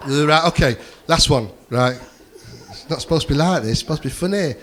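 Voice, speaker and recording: Rambling sweary comic. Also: male voice, a little high, fairly quick, a bit bright. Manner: rambling, swears freely, chats with the audience. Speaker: stand-up comedian. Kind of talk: stand-up comedy set with crowd banter.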